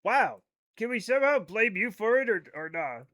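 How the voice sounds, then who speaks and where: A man's voice: high-pitched, big pitch swings, normal speed, fairly bright tone. An American man in his thirties streaming a game live, joking casually and reading chat aloud. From United States. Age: 30s. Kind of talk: casual chat while gaming.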